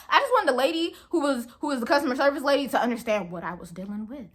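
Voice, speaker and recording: A young woman tells a work story straight to camera in a casual storytime. Her voice sits fairly high and bright, and it swoops animatedly as she vents in exasperation and fires off rhetorical questions. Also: sing-song, quick pace, few pauses. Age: young adult. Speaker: vlogger telling a work story.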